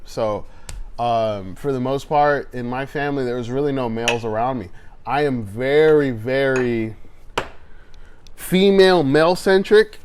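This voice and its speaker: A man co-hosting a podcast, chatting casually and excitedly, acting out scenes with quick voices. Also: medium pitch, slight background noise. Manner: animated, swearing, acts out scenes in quick voices. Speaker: podcast co-host. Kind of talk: casual chat.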